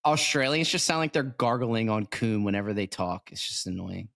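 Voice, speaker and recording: A man's voice: fairly low pitch, lively intonation, normal speed, creaky, a bit bright. Joking, loose-talking young man podcast host. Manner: loose, joking, swears freely. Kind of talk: casual podcast banter.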